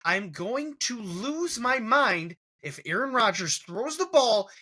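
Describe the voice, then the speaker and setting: A man's voice: high voice, very animated, takes it slowly, pushed and bright. A man with a New York accent hosting a casual sports podcast, ranting with heavy profanity. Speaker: podcast host.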